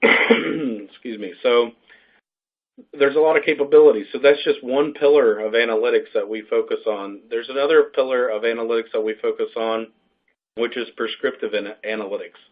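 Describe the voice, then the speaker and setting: Male webinar presenter, mid-pitched, loose explanatory delivery with fillers, thin phone-quality sound. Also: normal speed. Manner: explanatory, frequent fillers and restarts. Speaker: program faculty speaker. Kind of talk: unscripted webinar talk. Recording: tinny phone-like line.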